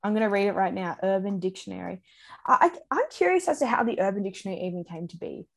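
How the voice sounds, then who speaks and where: A woman's voice: mid-range voice, lively intonation, fast talker, gravelly. A young woman co-hosting a podcast in casual, rambling, self-mocking chat. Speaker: podcast co-host.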